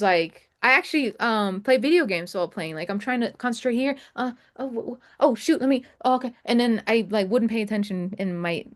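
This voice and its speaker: A young adult woman in a casual coaching call, mentoring traders, who talks in a chatty way and keeps asking "right?". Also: fairly high pitch. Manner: chatty, repeats "right?" often. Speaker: trading mentor.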